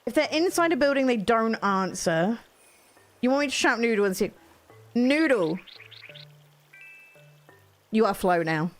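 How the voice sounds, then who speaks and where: A woman's voice: fairly high pitch, animated, a little fast, faint music behind. A woman chatting casually on a live game stream, reacting to viewers' comments. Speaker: streamer playing a video game.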